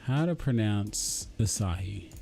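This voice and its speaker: A man's voice: lowish voice, expressive, slow pace, gravelly, warm tone, faint music behind. A man hosting a casual livestream, reading viewer comments aloud and cheering viewers on. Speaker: livestream host. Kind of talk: casual live-chat stream.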